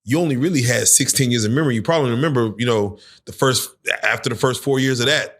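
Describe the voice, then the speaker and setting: A man's voice: medium pitch, fast talker, a bit bright. A man hosting a casual interview, asking curious and reflective questions. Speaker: podcast host.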